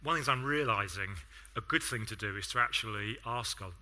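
Bright-voiced English preacher. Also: male voice, on the low side, brisk. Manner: conversational storytelling, self-deprecating asides. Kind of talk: sermon.

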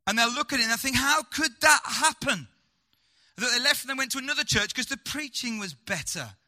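Man, preacher, high voice, very bright tone, rhetorical questions, loud-to-hushed swings. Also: expressive, fast. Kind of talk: sermon.

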